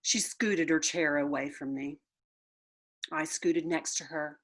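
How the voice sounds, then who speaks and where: A woman reading a children's book aloud with playful, expressive storytelling. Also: low voice, slow. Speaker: storybook reader.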